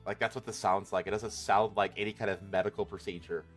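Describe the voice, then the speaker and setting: A man's voice: on the low side, fairly even intonation, fast talker, soft background music. A man hosting a reaction stream, talking casually in a rambling way with many fillers, swearing as he reacts to clips. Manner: rambling, filler-heavy, swears and laughs loudly.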